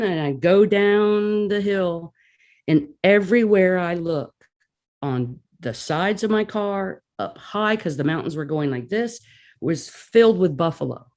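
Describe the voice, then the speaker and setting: Woman guest, casual storyteller, animated, plays out her reactions. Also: lowish voice, measured pace.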